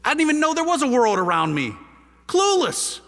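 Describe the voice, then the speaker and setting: Animated man preaching in a reverberant hall. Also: very high-pitched, rapid-fire, vocal fry. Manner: lively storyteller, casual slang, rhetorical questions. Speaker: priest giving a conversion testimony. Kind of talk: animated testimony talk to an audience. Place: large hall with a live audience.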